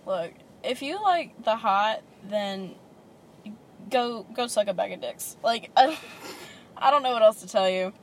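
A woman's voice: fairly high pitch, animated, measured pace, slight background noise. A young woman chatting casually as a podcast co-host, blunt and profane, laughing often. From Louisiana, US. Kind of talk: casual chat.

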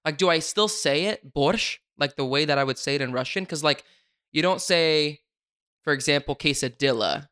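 Young male podcast host, slightly high voice, smooth tone, close dry sound, rambling casual chat. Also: brisk, sharp tone, no echo. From Sacramento, US. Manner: chatty, rambling, frequent fillers.

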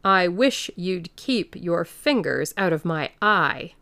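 Indignant invisible man, sharp and scolding, slow and gravelly, read by a woman. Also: lowish voice, animated, no room sound.

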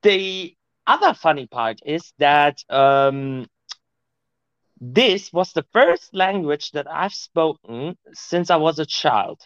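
Slow-talking man, casual rambling podcast guest, dull lo-fi dry mic. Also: fairly high pitch, expressive, fairly bright tone, clean tone, dry recording. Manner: rambling, slightly broken English. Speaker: podcast guest, show owner.

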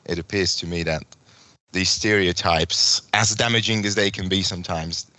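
A man's voice: low voice, steady tone, moderate pace, sharp tone, no room sound. A man hosting a podcast interview, earnest, with frequent ums and uhs. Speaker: podcast host. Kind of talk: hosted interview.

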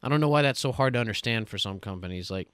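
A man ranting excitedly on a casual gaming podcast, swearing often. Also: mid-range voice, fast, clean tone, no echo, clean studio sound. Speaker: podcast co-host.

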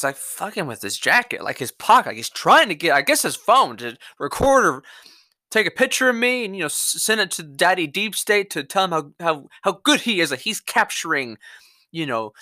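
The young podcast host, with his Mississippi Southern accent, rants about politics in a voice on the high side, pushed and bright. He's angry and profane, rambling with plenty of restarts, captured in a dry studio-quality recording.

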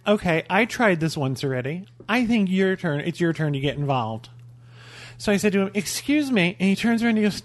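A man's voice: high-pitched, no room sound. A man on a podcast telling a story in casual chat, acting out what people said. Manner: animated storytelling, acting out quoted lines. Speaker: podcast co-host.

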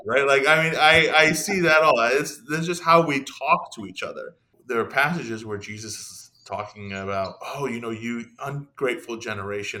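A young man, a podcast guest, talking in an animated, casual way, with many restarts and asides. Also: on the low side. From Iran. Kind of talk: casual conversational discussion.

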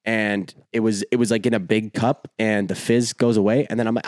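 A young man hosting a podcast, telling a rambling, profane, animated story in casual chat. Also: lowish voice, a little fast, no echo, clean studio sound. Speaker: podcast host.

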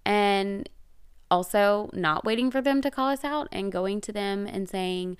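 A woman's voice: medium pitch, measured pace, clean tone, dry recording, clean studio sound. A middle-aged woman hosting a parenting talk, speaking conversationally with fillers and self-corrections. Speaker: parenting podcast host. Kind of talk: casual advice talk.

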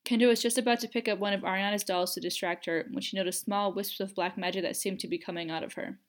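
A woman narrates a fan fiction audiobook in a mid-pitched, measured, expressive voice. She reads with steady storytelling care and lets tension build through her delivery.

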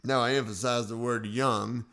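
A man in his forties hosts his own podcast from a studio, sharing personal stories in a casual, self-joking manner. His mid-range voice has a fairly bright tone, fairly even intonation and a normal speed.

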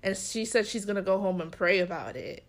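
A woman's voice: mid-range voice, a little fast. A young woman chatting casually as a podcast co-host, telling a story and acting out the people in it. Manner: animated storyteller, acts out quoted people. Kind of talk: casual chat.

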